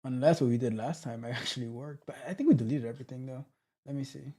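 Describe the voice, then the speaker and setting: A man coaching on tech during a live coding walkthrough, thinking aloud with halting restarts and trailing off. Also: mid-range voice, warm tone.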